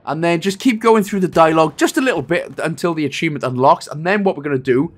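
A man's voice: a little high, fast talker. A man hosting a game walkthrough, talking playfully and joking with made-up wordplay. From Wales. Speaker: gaming guide host.

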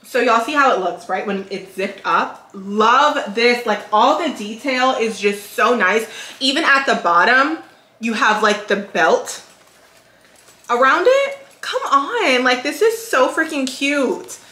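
A young woman chatting casually as a fashion vlogger, animated and full of fillers, showing off clothes she bought. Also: fairly high pitch, slow. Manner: chatty, animated, lots of "like" and "girl". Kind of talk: casual haul chat. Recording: echoey room.

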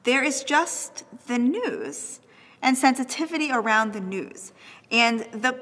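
A young adult woman lecturing on texts, thoughtful and animated, often checking in with "right?". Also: a little high, takes it slowly, long reverb tail.

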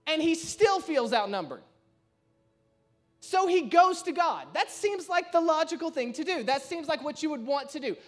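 A male pastor delivering a sermon in a notably high voice. He tells the story in an animated way, acting out the quoted speakers with sudden shifts in loudness and pitch.

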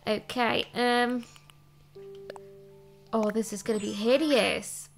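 A woman's voice: a little high, moderate pace, a bit bright. Chatty woman gaming. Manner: chatty and playful, thinking aloud. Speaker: let's play host. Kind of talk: casual gameplay commentary. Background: game music.

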